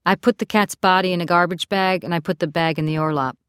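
A woman's voice: on the low side, fairly even intonation, quick pace, a bit bright, clear, resonant tone, dry recording, close to an everyday voice. A woman reading the lines of a tired, wry woman caught up in trouble in an audiobook, with a weary, dry manner. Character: tired, rattled woman living alone.

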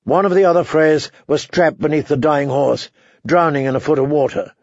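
A man narrating an audiobook in a measured, dramatic way. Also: a little high, a little mellow, no room sound, highs cut off. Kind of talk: scripted narration.

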